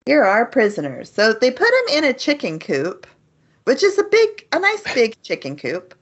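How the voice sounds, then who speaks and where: A woman's voice: high-pitched, wildly swooping pitch, normal speed, breathy edge, highs cut off. A woman co-hosting a podcast, recapping an anime episode in casual chat, laughing often and acting out characters' lines. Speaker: podcast co-host.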